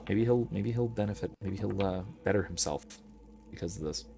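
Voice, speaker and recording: Over background music, a man with a lowish, gravelly voice talks briskly through a let's play. His commentary is casual and rambling, drifting into academic tangents and pausing to read out messages from chat.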